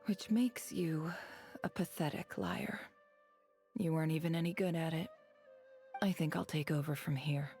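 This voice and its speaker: An actress playing a cool, self-assured young desert woman with a gravelly, hushed, mocking delivery. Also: low voice, fairly even intonation, moderate pace, pauses often, soft background music. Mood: cold scorn.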